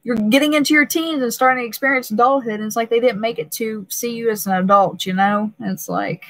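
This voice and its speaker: A woman's voice: fairly high pitch, fairly even intonation, fast, fairly bright tone, no echo, poor audio. Chatty, emotional young woman on a live stream. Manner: emotional, chatty, laughs often, many restarts. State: pregnant. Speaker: beauty vlogger hosting a live stream. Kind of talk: casual live-stream chat.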